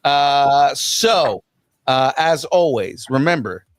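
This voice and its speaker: Lively young man hosting a podcast. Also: medium pitch, slow, dry recording, studio quality. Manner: rambling, laughing, loose and loud sign-off. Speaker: podcast host. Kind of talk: casual podcast chat.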